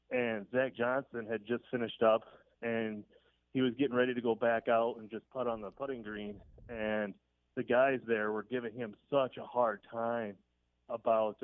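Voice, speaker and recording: A man's voice: medium pitch, no echo. A man phoning in to a radio talk show, rambling through a story with plenty of fillers and a chuckle here and there. His voice comes down a thin, phone-like line. It sounds dry and close, with no room around it. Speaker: caller. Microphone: telephone.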